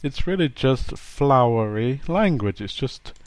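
A man's voice: medium pitch, animated, a little slow, no echo. A man giving a chatty, playful grammar lesson, acting out example sentences. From England. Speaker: English teacher.

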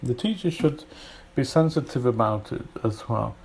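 A man explaining usage in a measured teaching style, illustrating points with spoken examples. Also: medium pitch, lively intonation, creaky, darkish tone, slight background noise. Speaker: English teacher.

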